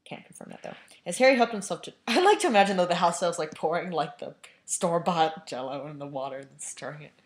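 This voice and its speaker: Woman, amateur book reading, casual asides, laughs often, lowish pitch. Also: expressive, quick pace, few pauses. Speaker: amateur reader. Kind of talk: reading a novel aloud with chatty asides.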